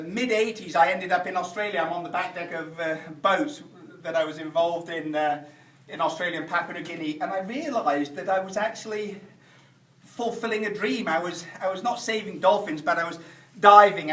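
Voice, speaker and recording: A middle-aged man from England giving a humorous speech at a function, animated and shouting punchlines. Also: high voice. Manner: animated storyteller, shouting punchlines amid laughter. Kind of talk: humorous after-dinner speech. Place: function hall with audience. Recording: echoey hall, distant mic, noisy.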